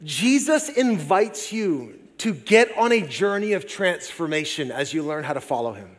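Male pastor, 40s, high voice, lively conversational sermon with humor, hall reverb. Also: normal speed. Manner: lively, conversational preaching with jokey asides. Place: church sanctuary. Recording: long reverb of a large hall.

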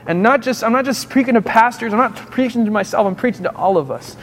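A man in his thirties, a pastor preaching a sermon and telling a story, his voice rising in intensity as he goes. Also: sits high.

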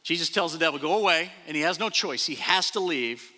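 A man pastor preaching a sermon, animated, repeating phrases and acting out quoted speech. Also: fairly high pitch, fairly quick. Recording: long reverb of a large hall.

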